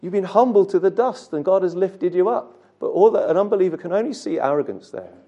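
A man delivering a sermon in an earnest, direct way, often asking his listeners questions. His voice sits a little high for a man but sounds mellow and warm. Now and then he trips over a word and repeats it. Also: expressive, quick pace, highs cut off. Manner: earnest, direct address to congregation with rhetorical questions; occasional stumbles and repeated words. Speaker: preacher.

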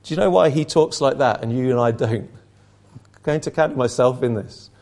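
A man's voice: medium pitch, moderate pace, a little mellow. A man preaching an impassioned sermon, asking rhetorical questions and repeating phrases for emphasis.

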